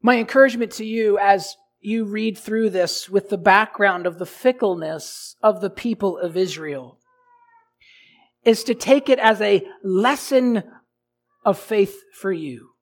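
A male pastor delivering a sermon, asking the congregation rhetorical questions and swinging between loud emphasis and quiet, low lines. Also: measured pace.

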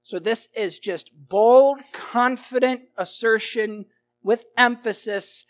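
A man's voice: high-pitched, slow pace. A man preaching an expository sermon, emphatic, swelling and dropping in volume and repeating his phrases.

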